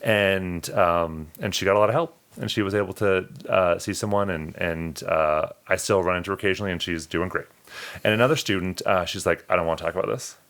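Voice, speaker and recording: A man's voice: low-pitched, a little fast, a bit bright. A male podcast co-host telling personal stories in an earnest, emotional way, often restarting his sentences. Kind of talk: personal storytelling in conversation.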